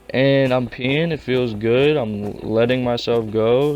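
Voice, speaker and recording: A man's voice: mid-range voice, measured pace, few pauses, a little mellow, soft background music. A young man casually telling a rambling, slangy story. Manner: rambling, slangy, laid-back.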